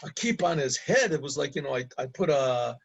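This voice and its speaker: A middle-aged man, a rabbi, casually telling an anecdote, halting and repeating words and laughing at his own story. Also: medium pitch, lively intonation, vocal fry, slightly rough, rough recording.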